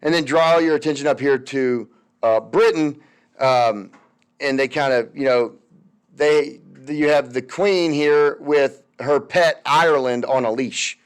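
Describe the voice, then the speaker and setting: Man, history teacher, recorded lecture, casual, rambling asides, mid pitch. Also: a little slow, smooth. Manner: casual, chatty, many fillers and asides. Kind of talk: recorded lecture over slides.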